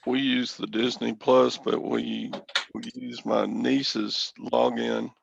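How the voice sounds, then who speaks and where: Slow very gravelly guy joking dryly, dull line with faint hiss. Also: medium pitch, flat delivery. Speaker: panel guest. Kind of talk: casual chat.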